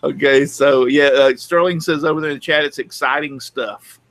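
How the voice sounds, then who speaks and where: Rambling grandfather, mid-pitch. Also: fairly even intonation, normal speed, fairly bright tone, no echo. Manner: rambling, repeats himself, laughs often. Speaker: co-host. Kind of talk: casual live-stream chat.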